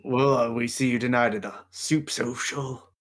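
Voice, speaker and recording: A man's voice: medium pitch, steady tone, moderate pace. Guy running a tabletop game, dry tired asides, just narrating. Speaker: game master.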